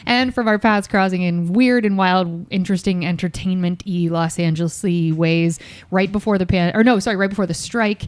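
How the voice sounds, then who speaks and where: A woman's voice: on the low side, fairly even intonation, normal speed, darkish tone, clear, resonant tone, no room sound. Playful woman host, dry close sound. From Ohio, USA. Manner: playful, teasing, apologetic over slips. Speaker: podcast host. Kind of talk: reading a guest bio, then casual chat.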